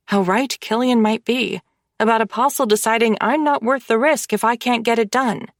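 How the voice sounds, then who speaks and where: A woman narrating a romance audiobook in the first person, with measured, intimate storytelling. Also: on the high side, dry recording, studio quality.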